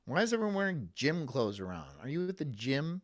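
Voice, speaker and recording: Lively, rambling male streamer. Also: fairly high pitch, fairly quick. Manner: rambling, profane, self-mocking, often laughing. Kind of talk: casual live-stream reaction chat.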